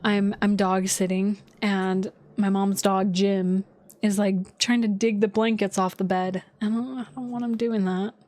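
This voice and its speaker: A woman's voice: mid-range voice, little pitch movement, a little slow, a little mellow, no echo. A woman astrologer chatting casually on a livestream from home, loose and filler-heavy, with casual swearing.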